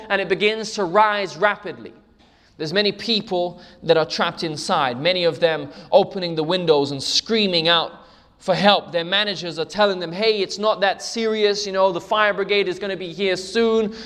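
A man's voice: high-pitched, a bit bright, long reverb tail. A man preaching a sermon, telling a story with emphatic repetition. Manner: emphatic storytelling, repeats for stress.

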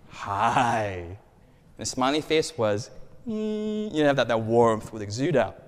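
A man preaching a sermon in an animated, joking way, often quizzing the congregation. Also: medium pitch, in a large hall. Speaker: pastor. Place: church hall.

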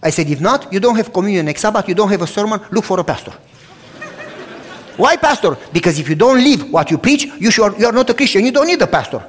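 Older man preaching with animated storytelling. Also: high-pitched, rapid-fire, hardly any pauses. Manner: animated, acts out both sides of dialogues loudly. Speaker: pastor. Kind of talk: sermon storytelling. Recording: long hall reverb.

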